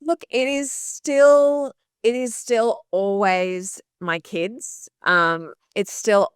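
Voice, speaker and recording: A woman in her fifties speaks as a guest on a podcast, her voice clear and smooth. She tells stories with warm animation and laughs easily. The recording is close-miked and dry. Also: medium pitch, steady tone, drawn-out words, no room sound. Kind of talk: interview conversation.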